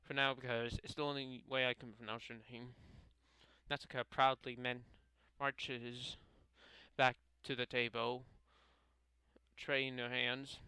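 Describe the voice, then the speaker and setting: A man reading a visual novel aloud in a casual playthrough, halting and stumbling over names as he corrects himself. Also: mid-range voice, level tone, bright, forceful tone, smooth, no echo, rough recording. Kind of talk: casual game playthrough narration.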